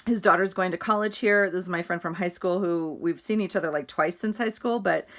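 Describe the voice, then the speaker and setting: A woman's voice: on the low side, fairly quick, fairly bright tone. A middle-aged woman chatting casually about her week, rambling and laughing often. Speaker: vlogger. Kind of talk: casual chatty journal walkthrough.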